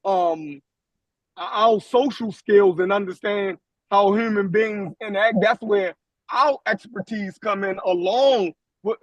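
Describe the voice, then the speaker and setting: A man's voice: high voice, slow, no room sound, muffled recording. A man co-hosting a podcast, arguing his point in slangy, casual chat and asking "you dig" a lot. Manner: slangy, repeats "you dig what I'm saying". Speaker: podcast co-host. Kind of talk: heated casual debate.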